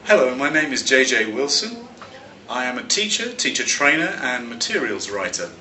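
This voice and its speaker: A man from London teaching a vocabulary lesson, his bright voice rising and falling with lively pitch. He talks in a clear, measured way and leans on key words. He sounds set back from the mic in an echoey room. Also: recorded from a distance. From London, England. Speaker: English teacher and teacher trainer. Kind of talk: explanatory spoken lesson. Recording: roomy echo, slightly off-mic.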